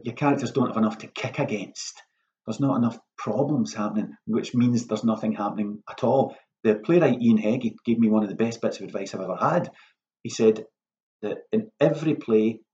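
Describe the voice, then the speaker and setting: A man's voice: mid-range voice, fairly quick, lo-fi sound. A man, a playwright, giving casual, self-mocking writing advice in a workshop talk. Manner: lively, self-mocking, acts out lines in a hushed voice.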